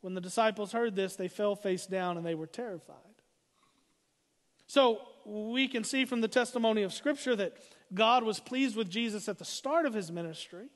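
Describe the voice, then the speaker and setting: A man preaches from the pulpit in a high, ringing voice. He leans hard into his points and slows down to read the scripture. The sound carries the long reverb of a church sanctuary. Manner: emphatic preaching, slowing for scripture readings. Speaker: pastor. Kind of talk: sermon.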